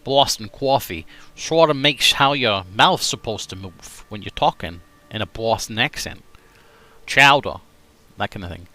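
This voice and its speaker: Lively chatty English streamer. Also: male voice, lowish voice, moderate pace, hardly any pauses. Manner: chatty, self-mocking, laughs at himself. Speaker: streamer playing a game. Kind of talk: casual live-stream chat.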